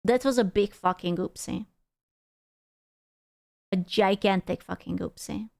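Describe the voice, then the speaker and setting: A woman's voice: medium pitch, measured pace, creaky, a little mellow, dry recording, studio quality. A woman from Europe streaming a casual reaction, talking bluntly, swearing and joking sarcastically.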